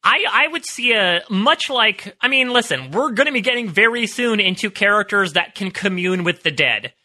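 A man's voice: high-pitched, lively intonation, normal speed, sharp tone. A man co-hosting a TV recap podcast, thoughtful and hedging, often restarting his sentences. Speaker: podcast co-host. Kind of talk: casual TV recap analysis.

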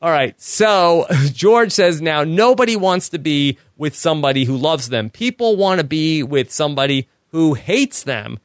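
Relaxed male podcast host. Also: fairly high pitch, a little slow, few pauses, no echo, clean studio sound. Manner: relaxed, laughs often. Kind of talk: casual chat, recapping episodes.

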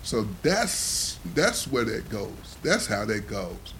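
A man's voice: fairly low pitch, very animated, slow pace, fairly bright tone, slight background noise, poor audio. A man on a podcast giving emphatic, sermon-like advice and quoting the Bible in a casual talk. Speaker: podcast co-host. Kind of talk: preachy advice.

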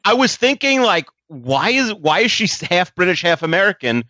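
A man's voice: high voice, sing-song, normal speed, pushed and bright, dry recording. A man chatting casually on a podcast, opinionated and emphatic. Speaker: podcast co-host. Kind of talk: casual chat.

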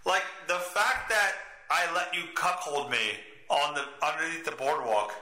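A young man hosting a podcast, crude and teasing, talking loud in drunk casual banter and laughing often. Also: fairly high pitch, lively intonation, moderate pace, slight background noise. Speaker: podcast host. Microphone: desk mic with screen. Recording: echoey room.

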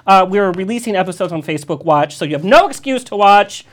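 Guy hosting a live radio talk show, campy and jokey, rattling off plugs. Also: high voice. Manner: campy, joking, rapid plugs.

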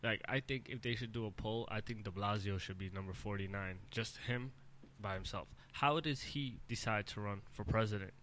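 A man's voice: on the low side, moderate pace, hardly any pauses, fairly bright tone, a little hiss or hum. A man in his forties with a New York accent, co-hosting a podcast and teasing his partner with trash talk. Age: 40s. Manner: teasing, trash-talking and laughing. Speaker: podcast co-host. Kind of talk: casual chat.

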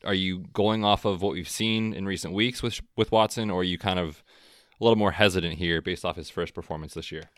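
A man co-hosting a podcast, chatting casually about football with a relaxed, chatty manner. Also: sits low, fairly quick, clean tone, no echo, clean studio sound. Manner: relaxed, chatty, frequent fillers. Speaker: podcast co-host. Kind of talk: casual sports chat.

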